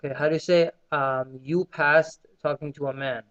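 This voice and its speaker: A fairly high-voiced man leads a classroom Arabic lesson, drilling his students with call and response. The sound is muffled and lo-fi. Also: fairly even intonation, normal speed, a bit bright. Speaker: Arabic teacher.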